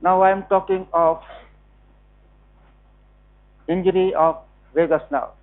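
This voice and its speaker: A man with an Indian English accent giving a classroom anatomy lecture, slowly repeating key terms. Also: sits high, fairly even intonation. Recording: tinny lo-fi classroom recording.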